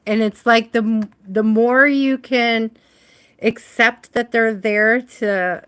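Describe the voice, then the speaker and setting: A woman's voice: on the high side, steady tone, takes it slowly, a bit bright, clean tone. A woman giving a casual livestream tarot reading, chatting with viewers by name and laughing often. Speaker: tarot reader.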